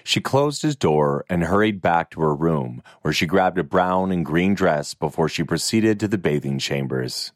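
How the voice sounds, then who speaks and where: Deep-voiced male audiobook narrator. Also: animated, moderate pace, hardly any pauses, no echo, clean studio sound.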